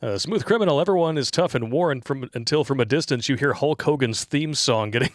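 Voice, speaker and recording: A man's voice: mid-range voice, a little fast, hardly any pauses, no room sound, studio quality. A man co-hosting a casual livestream, joking, laughing often and reading viewer donations and comments aloud.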